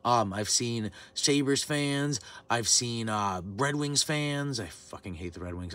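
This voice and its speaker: A man's voice: mid-range voice, slow, few pauses, pushed and bright. A man in his twenties telling a heated, profane story in a vlog rant. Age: 20s. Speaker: vlogger. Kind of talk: ranting storytime.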